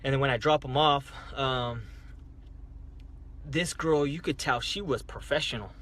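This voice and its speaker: A man tells a story into his phone on a casual livestream. His voice is bright and sits at a middle pitch. He rambles, repeats himself and keeps restarting his sentences. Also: a little slow. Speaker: livestreaming driver. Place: parked car at night.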